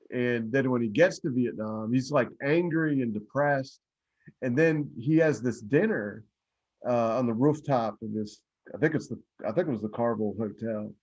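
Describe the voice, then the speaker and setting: A man who wrote a history book, retelling events in a halting casual chat with many repeated words. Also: mid-range voice, a little mellow, lo-fi sound. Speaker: author guest.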